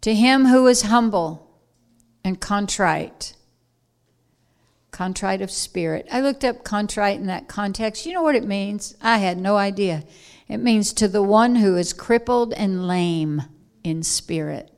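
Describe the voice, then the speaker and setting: Slow animated woman preacher. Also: medium pitch, clean tone. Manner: animated, acts out scenes with sudden loud bursts. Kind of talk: informal sermon. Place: room with listeners.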